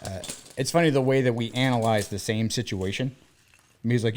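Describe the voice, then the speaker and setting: This podcast co-host, a thirty-something man from the American South, talks a little fast with a medium-pitched voice. In casual conversation he tells stories animatedly, voicing each person's lines himself.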